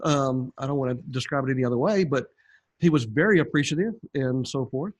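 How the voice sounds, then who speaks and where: In brisk speech at a medium pitch, an older man on a podcast gives his testimony, rambling through his story in a conversational style with frequent fillers.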